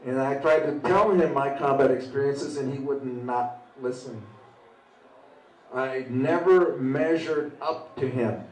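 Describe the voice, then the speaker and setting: A man in his sixties, a veteran telling a personal story at an open mic in a halting, conversational way with frequent "you know" tags. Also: mid-range voice, darkish tone. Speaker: veteran speaker. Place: open mic at a small venue. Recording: roomy sound from a distant mic.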